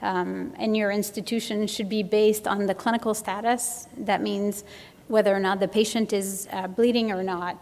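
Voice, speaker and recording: Flat, gravelly woman lecturing in a hall. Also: mid-range voice, normal speed. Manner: earnest, urges her points with repeated emphasis. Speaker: physician presenting at a medical conference. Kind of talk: conference lecture. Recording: reverberant conference hall.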